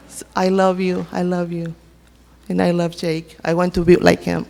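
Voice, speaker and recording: This woman's voice is low, creaky and darkish, with little movement in pitch. As a church member honoring someone at a memorial service, she delivers a halting, emotional testimony full of restarts, her speech echoing around a large church sanctuary.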